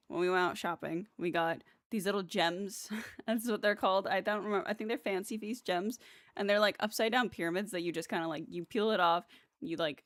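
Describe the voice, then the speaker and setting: A young woman with a somewhat bright voice livestreams a video game over game music, chatting casually and rambling with lots of fillers and laughs. She talks to her cats in playful, squeaky voices, and the clean studio sound has no room echo.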